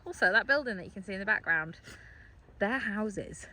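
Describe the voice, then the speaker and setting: A woman's voice: mid-range voice, animated, moderate pace, pushed and bright. Chatty young woman vlogging outdoors. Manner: chatty, laughing asides, talking to animals. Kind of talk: casual vlog chat. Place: outdoors in a big field with horses and dogs.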